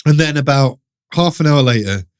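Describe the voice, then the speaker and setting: A middle-aged man telling a ghost story in an interview, animated, laughing often and restarting his sentences. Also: mid-range voice, moderate pace, clear, resonant tone. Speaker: guest storyteller.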